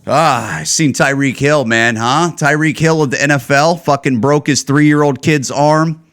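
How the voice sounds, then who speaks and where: A man hosting his own podcast, ranting casually and sarcastically with plenty of swearing and loud, higher outbursts when he gets worked up. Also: measured pace. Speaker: podcast host. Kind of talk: casual solo podcast rant.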